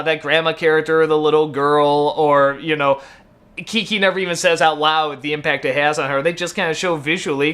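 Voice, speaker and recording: A man in his thirties hosts a web show, chatting loosely to camera in a high, slightly bright voice. He rambles, packs his talk with fillers and self-corrections, and gets worked up over small things.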